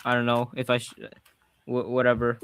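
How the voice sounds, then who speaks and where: A man's voice: mid-range voice, completely flat delivery, brisk, a bit bright, clean tone. A man with a Swedish accent hosting a casual livestream chat, talking freely and often correcting himself mid-sentence. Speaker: podcast host.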